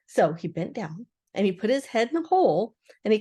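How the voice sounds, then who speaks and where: An older woman, a grandmother, reading a children's storybook aloud in a gentle, expressive way. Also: mid-range voice, a little fast, breathy edge.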